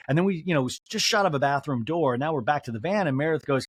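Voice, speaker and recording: Animated man with a lively, swooping delivery. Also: a little high, quick pace, hardly any pauses, no room sound, studio quality. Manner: animated, joking, acts out quotes in voices. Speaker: podcast host. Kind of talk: comedic TV recap.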